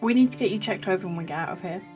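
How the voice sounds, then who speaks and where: A woman playing a tabletop game, talking in a teasing, lively manner. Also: medium pitch, racing, faint music behind. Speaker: player.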